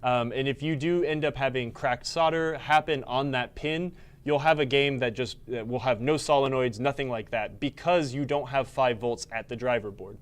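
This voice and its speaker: A man hosting a live stream about repairing pinball machines, talking fast and eagerly despite being exhausted. His voice sits in an ordinary middle range, and his explanations are full of ums and restarts. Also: mid-range voice, smooth. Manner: quick, energetic explaining with fillers. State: tired. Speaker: pinball repair technician host. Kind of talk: live-stream technical chat.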